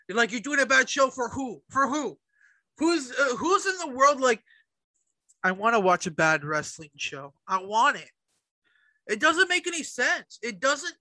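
High, bright-voiced man ranting casually. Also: dry recording, poor audio. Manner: animated ranting, heavy swearing. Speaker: podcast co-host. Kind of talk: casual chat.

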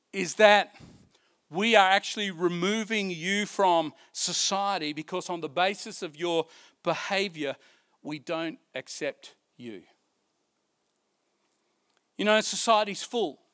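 High-voiced preacher with a slow, emphatic delivery. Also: male voice. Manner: swings from loud emphatic preaching to soft hushed lines; drawn-out stressed words, repeats key phrases. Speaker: pastor. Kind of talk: sermon.

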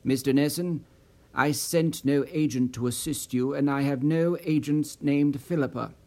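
A man's voice: on the high side, steady tone, unhurried, darkish tone. A man voicing a stern, suspicious male agency chief who speaks in curt, commanding phrases.

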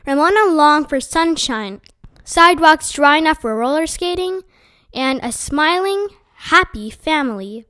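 A woman reading a children's chapter book aloud with gentle, expressive narration. Her voice is high and light, and the recording is close and dry with no room sound. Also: a little slow, no echo. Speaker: storyteller.

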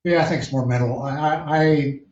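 A man, a triathlon coach, answering interview questions in a measured, explanatory way with frequent restarts. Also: on the high side, steady tone, a little mellow. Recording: echoey distant lo-fi call.

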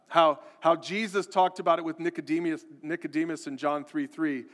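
A man's voice: on the high side, a bit bright. Earnest male pastor in a reverberant hall. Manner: earnest, repetitive, building emphasis. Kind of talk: sermon.

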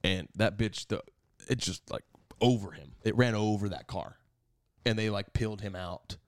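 A man's voice: fairly low pitch, normal speed, no room sound. A man co-hosting a casual podcast chat, telling rambling stories into a studio mic. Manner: rambling, storytelling. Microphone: studio mic with headphones.

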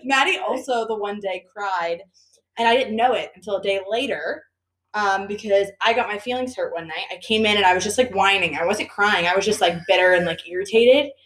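Young woman co-host, rapid casual delivery, laughs often. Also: medium pitch, a bit bright, reverberant, poor audio. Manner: chatty storyteller, laughs often. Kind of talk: casual chat.

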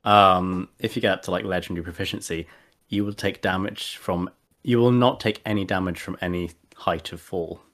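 A man's voice: low-pitched, steady tone, moderate pace, a bit bright. A man chatting casually as a podcast co-host and tabletop player, rambling with many fillers and restarts. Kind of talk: casual chat.

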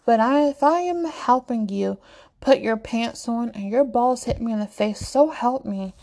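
A woman voicing a brash, crude teenage boy mage who yells and mocks his best friend. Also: on the high side, measured pace. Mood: teasing. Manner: yelling, mocking, crude.

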